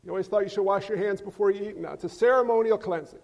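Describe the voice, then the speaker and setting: A man's voice: high-pitched, racing, creaky, darkish tone. A man preaching a sermon as pastor, joking and quizzing his congregation. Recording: long reverb of a large hall.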